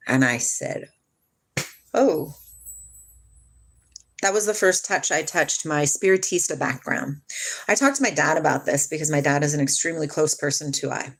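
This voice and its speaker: A woman's voice: deep voice, normal speed, long pauses. A woman telling a personal story to her live chat, rambling and emotional, swearing, losing her train of thought and starting over.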